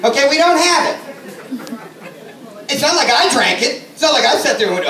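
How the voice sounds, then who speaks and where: A man's voice: very high-pitched, big pitch swings, normal speed, fairly bright tone, a faint crowd. A man doing a stand-up comedy set on a club stage, telling sarcastic stories and acting out the people in them. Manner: sarcastic storytelling, acts out customers. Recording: roomy, from a distance.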